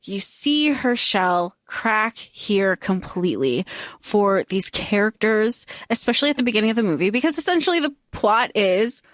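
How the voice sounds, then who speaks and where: A woman co-hosting a podcast in casual chat, bubbly and excitable, laughing often. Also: medium pitch, moderate pace, no echo, clean studio sound. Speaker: podcast co-host.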